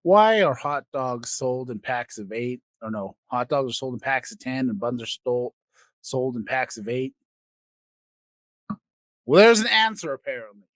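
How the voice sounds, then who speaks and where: A man hosting a comedy podcast, ranting crudely and swinging between loud outbursts and quiet asides. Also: medium pitch, very animated, unhurried, no echo. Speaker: podcast host. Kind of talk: comedic rant.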